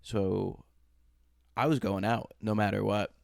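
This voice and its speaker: Gravelly low-voiced man from Boston. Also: steady tone, takes it slowly, darkish tone, dry recording, studio quality. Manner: loose, crude, laid-back storyteller. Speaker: podcast co-host. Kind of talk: casual storytelling chat.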